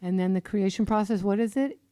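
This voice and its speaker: A woman in her sixties, a minister giving an animated, storytelling sermon in a church that breaks into song. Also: mid-range voice, fairly quick, clean tone, dry recording, studio quality. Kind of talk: sermon with songs. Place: church sanctuary.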